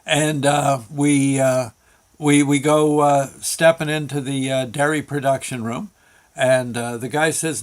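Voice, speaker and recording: A man hosting his own show, telling a long work story in a halting, folksy way with many fillers and restarts. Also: fairly high pitch. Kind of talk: rambling spoken storytelling.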